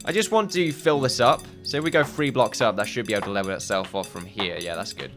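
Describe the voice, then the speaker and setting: A man giving casual gameplay commentary, thinking aloud in a muttering way with sudden loud outbursts. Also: on the low side, fast, over music. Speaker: gaming video host.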